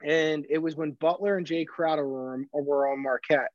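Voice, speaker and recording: A man's voice: a little high, steady tone, moderate pace, no echo. A man co-hosting a casual sports podcast who rambles, stumbles over his words, restarts his sentences and swears freely. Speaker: podcast co-host. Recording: dull, dry sound.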